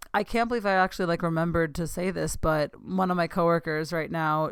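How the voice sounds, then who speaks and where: A young woman hosting a podcast, telling a long excited story in casual chat, gushing and saying "like" a lot. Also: fairly low pitch, smooth, no room sound, clean studio sound. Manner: gushing, excitable, says "like" often. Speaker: podcast host.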